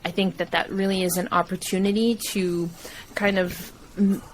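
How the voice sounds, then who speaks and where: A woman, a guest on a podcast, talking in a lively, laughing way. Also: medium pitch, moderate pace, slight background noise, low-quality recording. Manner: animated, laughs often, acts out quoted dialogue. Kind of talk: casual interview chat.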